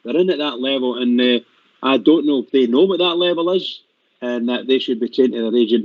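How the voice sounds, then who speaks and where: A man's voice: mid-range voice, no echo. A man talking on a fan phone-in show, stumbling and restarting often. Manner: halting, many restarts. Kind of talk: casual phone-in chat. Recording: muffled radio audio.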